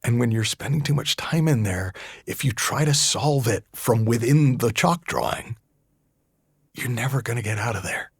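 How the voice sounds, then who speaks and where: Middle-aged American male podcast host with a husky, lowish voice, close and dry, musing in a loose, conversational way. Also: dry recording. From United States. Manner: conversational, with frequent restarts and slow emphatic stretches. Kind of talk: reflective solo podcast talk.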